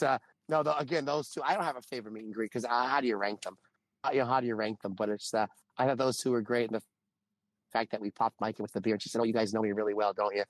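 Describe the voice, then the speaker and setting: A married man co-hosting a podcast, telling a long anecdote in casual chat and acting out the quotes with animated swings in voice. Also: medium pitch, dry recording. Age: adult, married. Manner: animated storytelling with acted-out quotes. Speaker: podcast co-host.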